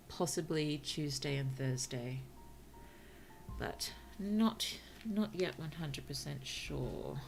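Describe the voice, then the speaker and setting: A woman's voice: low voice, vocal fry. A woman with an Australian accent chatting casually on a livestream, musing aloud and laughing often. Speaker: streamer and writer.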